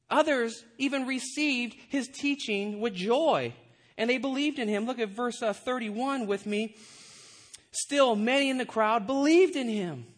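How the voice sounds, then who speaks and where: A man preaching a sermon in a lively way, acting out the people in the story he tells. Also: very high-pitched. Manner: animated, acts out quoted voices. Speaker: pastor.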